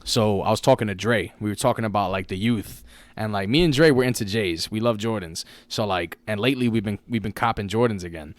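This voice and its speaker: A man's voice: on the low side, fairly quick, no echo. A man, co-hosting a podcast in casual chat, telling stories with lots of slang and acting out his friends' voices. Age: 20s. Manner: animated storyteller, slangy, acts out friends' voices. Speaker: podcast co-host.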